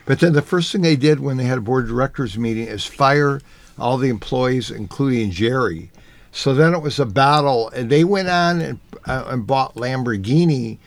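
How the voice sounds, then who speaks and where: A man with a gravelly, fry-edged voice talks as an auto journalist on a casual radio show. He tells long, winding anecdotes at an easy pace. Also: mid-range voice, moderate pace. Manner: rambling anecdotal storyteller.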